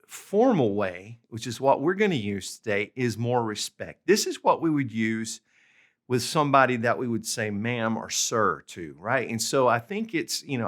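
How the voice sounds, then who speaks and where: A man's voice: medium pitch, a bit bright. A man teaching a language lesson on video, patient and explanatory, often checking in with "okay?" and "all right?". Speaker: language tutor.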